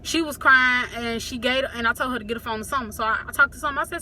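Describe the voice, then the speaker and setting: Bright-voiced young woman telling a story. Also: high-pitched, quick pace, hardly any pauses, a little hiss or hum. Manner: talks straight to viewers, acts out quotes. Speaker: vlogger telling a family story. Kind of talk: casual storytime to camera.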